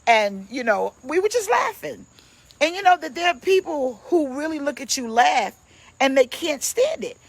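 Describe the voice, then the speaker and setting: A woman's voice: sits high, sing-song, moderate pace, vocal fry, dry recording. A woman pastor, preaching casually on a livestream from home, playful and chatty as she greets viewers by name.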